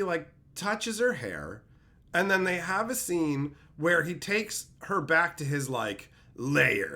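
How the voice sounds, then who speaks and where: A man's voice: on the high side, sharp tone. A man streamer ranting in a profane, mocking way, mimicking people in silly voices. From Canada. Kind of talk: ranting commentary.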